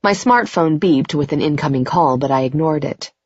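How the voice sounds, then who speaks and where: A woman's voice: sits low, moderate pace, a little mellow, husky, no echo, dull audio. A woman narrating a first-person romance audiobook in an intimate, emotional way. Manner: intimate, emotional, rising to tearful in dialogue.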